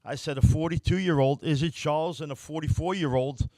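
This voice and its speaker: A man's voice: on the high side, fairly quick, darkish tone, no echo, clean studio sound. An older man with a New York accent, bluntly telling stories as an interview guest and often repeating words. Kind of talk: casual storytelling.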